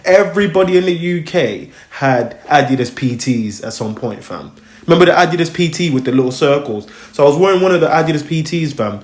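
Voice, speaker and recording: A man's voice: a little high, a little fast. Young man telling stories in an echoey room. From Congo, raised in America, now UK. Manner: rambling and animated, acts out voices, heavy slang fillers. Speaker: host. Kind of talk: casual storytelling chat.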